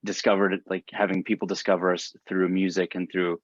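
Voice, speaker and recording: A young man with a very low voice talks in a relaxed, rambling way, full of fillers. The recording is dry and somewhat dull. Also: brisk, dry recording. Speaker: band member. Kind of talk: casual interview chat.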